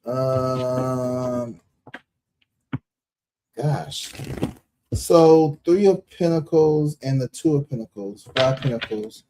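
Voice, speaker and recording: A man's voice: medium pitch, extremely slow, pauses often, warm tone, slight background noise, low-quality recording. A man hosting a live tarot-reading stream, chatting bluntly and emphatically with frequent swearing.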